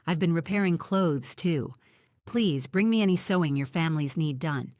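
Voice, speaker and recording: A woman voicing a gentle, chatty older grandmother in a wheelchair, read in an audiobook. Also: low-pitched, expressive, moderate pace, dry recording, clean studio sound.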